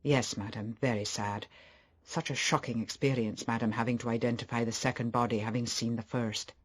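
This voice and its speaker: A man's voice: medium pitch, steady tone, a little fast, slightly rough, voice pushed down, natural voice. Man voicing formal old butler, deferential, polite, audiobook reading. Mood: respectful.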